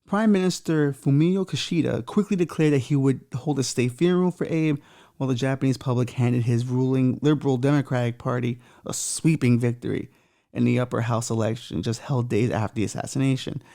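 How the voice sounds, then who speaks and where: A man with a gravelly, warm, mellow voice chats loosely on a podcast. He reads news pieces aloud, breaking off for irreverent, profane jokes. He trips over unfamiliar names as he goes. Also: medium pitch. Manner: irreverent, joking asides with profanity; stumbles over unfamiliar names while reading. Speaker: podcast co-host. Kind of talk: casual podcast commentary reading news aloud.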